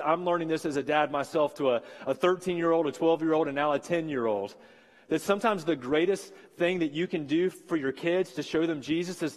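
Man, pastor, 40s, earnest sermon, repeats key phrases, slightly high voice, echoing church hall. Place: church sanctuary.

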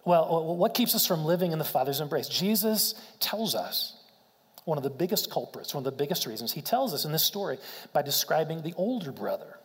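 A man's voice: a little high, big pitch swings, brisk, long reverb tail. A man preaching a sermon in an earnest way, asking rhetorical questions and often restarting his words. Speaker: pastor.

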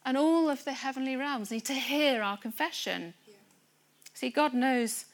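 A woman's voice: high-pitched, measured pace. Earnest woman preaching a sermon. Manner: earnest, rising to excited emphasis. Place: church gathering room.

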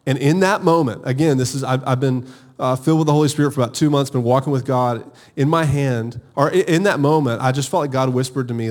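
A man's voice: medium pitch, moderate pace. A married man preaching a sermon with energy, calling on his congregation to answer back. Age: adult, married. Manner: energetic, calls for audience responses. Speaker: pastor.

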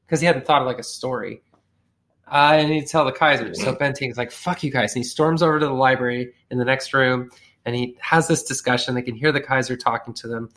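A man's voice: mid-range voice, steady tone, a little fast, a bit bright. A man telling a story in a casual comic way, slangy and profane, acting out the people in it. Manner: profane, slangy, acts out characters with shifting voices.

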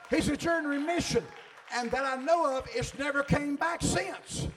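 Man, middle-aged, high-pitched, fervent folksy sermon. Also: moderate pace, fairly bright tone, a faint crowd, a little hiss or hum. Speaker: preacher.

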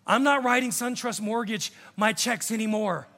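A pastor around fifty preaching a sermon in a church sanctuary, impassioned, swinging from hushed to shouting and acting out the voices of others. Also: male voice, very high-pitched, normal speed, few pauses, long reverb tail. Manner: acts out quoted voices of others.

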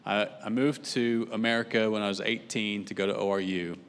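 A man's voice: lowish voice, little pitch movement, fairly quick, a bit bright, smooth, long reverb tail. A man in his late forties, originally from Britain, giving a chatty, self-deprecating introduction as a guest pastor before his sermon. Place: church sanctuary.

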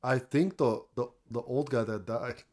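Casual male co-host, conversational movie reviewer, filler-heavy, relaxed delivery. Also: mid-range voice, a little slow. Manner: chatty, retells plots with fillers. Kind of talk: casual chat.

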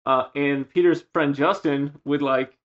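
A man's voice: a little high, a little slow, muffled recording. A man co-hosting a podcast, telling party stories in casual chat and acting out his friends' lines. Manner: animated storyteller, acts out friends' lines. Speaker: podcast co-host.

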